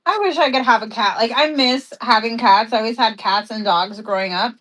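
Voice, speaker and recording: Relaxed, talkative woman co-host. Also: fairly high pitch, fairly quick, rough recording. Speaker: co-host and friend. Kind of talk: casual chat.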